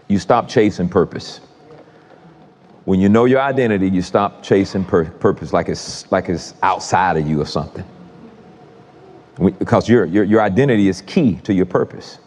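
With an expressive, darkish voice that sits low, a man preaches at normal speed. His sermon is conversational and repetitive, spoken right to the congregation, and the hall gives it a long reverb.

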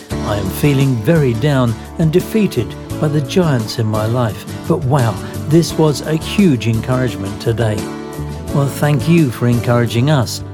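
A male announcer gives a smooth, friendly scripted read for a radio program. His mid-pitched voice sits over a clear bed of guitar music.

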